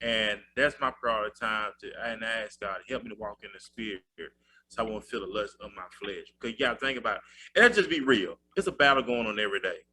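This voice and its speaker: A man's voice: on the low side, lively intonation, quick pace, sharp tone, a little hiss or hum. A man hosting a casual faith talk show, conversational and quoting scripture.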